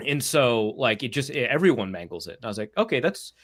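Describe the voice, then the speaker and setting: This is a football writer in easygoing podcast chat, his voice sitting at an ordinary male pitch. He is an animated storyteller who acts out the dialogue in his anecdotes, with plenty of casual fillers. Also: fast talker.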